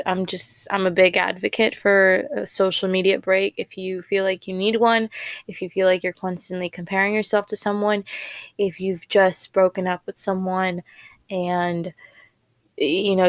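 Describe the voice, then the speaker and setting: Rambling young woman podcaster, smooth dry voice. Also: mid-range voice, no room sound. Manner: rambling, filler-heavy, repeats words. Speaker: podcast host. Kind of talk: casual solo podcast chat.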